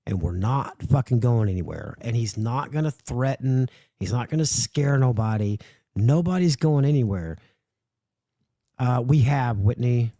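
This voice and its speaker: A man's voice: mid-range voice, expressive, measured pace, warm tone, dry recording, clean studio sound. A man hosting a livestream, ranting in a profane, mocking and heated way. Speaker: livestream host.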